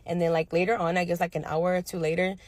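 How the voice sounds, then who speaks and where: A young woman nail technician casually telling a storytime about a difficult client, animated and slangy. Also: fairly low pitch, quick pace, no echo. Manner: animated, slangy retelling with quoted dialogue.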